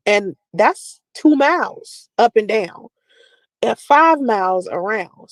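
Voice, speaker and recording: A woman's voice: on the high side, no echo, poor audio. A woman talking at length about her family and personal life, rambling and confessional, full of "like" fillers. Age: adult with a daughter. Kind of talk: personal talk to camera.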